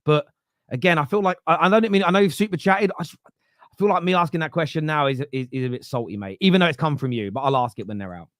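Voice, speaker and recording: A man's voice: on the high side, fast, fairly bright tone, dry recording, studio quality. A man hosting a fan football podcast, talking bluntly and with opinion in a casual live-stream style, often starting with "uh" and restarting his sentences. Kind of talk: casual live-stream commentary reading viewer comments.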